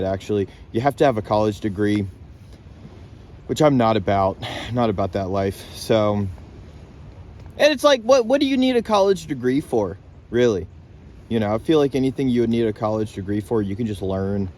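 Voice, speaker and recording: A man's voice: fairly low pitch, darkish tone, a little hiss or hum. Laid-back young man rambling outdoors. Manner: rambling, loose and laid-back, swears casually. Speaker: vlogger camping alone on an island. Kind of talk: casual rambling vlog. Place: outdoors on a lake island, in a tent and by a campfire. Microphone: handheld phone camera.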